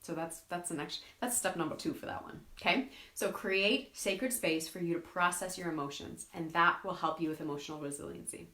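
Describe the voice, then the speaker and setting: A woman hosting a live self-help talk who reads viewer comments and acts out quoted friends in an animated way. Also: lowish voice, brisk, roomy sound. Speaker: host.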